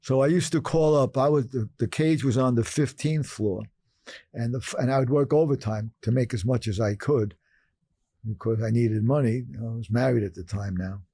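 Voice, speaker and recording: An older man from Brooklyn, New York, telling stories as a podcast guest and acting out his past self in sudden higher voices. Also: normal speed, warm tone, slightly rough, dry recording. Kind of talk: storytelling in conversation.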